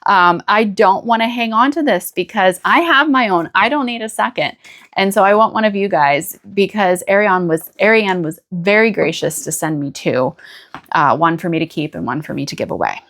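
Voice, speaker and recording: A woman's voice: mid-range voice, moderate pace, fairly bright tone. Chatty American woman hosting a knitting podcast. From United States. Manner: chatty and gushing, with small restarts and laughs. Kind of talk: casual chat to camera.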